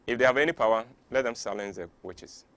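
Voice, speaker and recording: A Ghanaian talk show host with a Ghanaian English accent delivers an impassioned, preachy monologue packed with rhetorical questions, getting worked up as he goes. His mid-range voice is a bit bright and quick-paced, with no echo.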